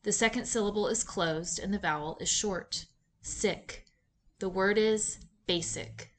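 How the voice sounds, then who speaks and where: A woman giving scripted instructional narration for a reading lesson, in a clear, measured, deliberate teaching delivery. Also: medium pitch, a bit bright, a little hiss or hum. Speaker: literacy instructor.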